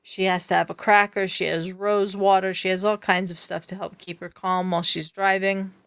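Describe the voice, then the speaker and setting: A woman co-hosting a podcast, chatting through a TV episode recap on a video call and filling pauses with ums. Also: mid-range voice, level tone, fairly bright tone, clean tone, no room sound. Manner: chatty, retells scenes with filler ums. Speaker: podcast co-host. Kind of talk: casual recap chat.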